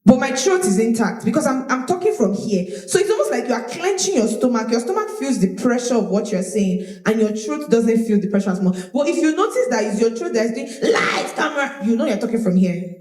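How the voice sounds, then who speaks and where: A woman teaching public speaking to a live audience, animated and demonstrative, often repeating her words. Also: a little high, brisk. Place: large room with audience. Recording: roomy echo of a hall.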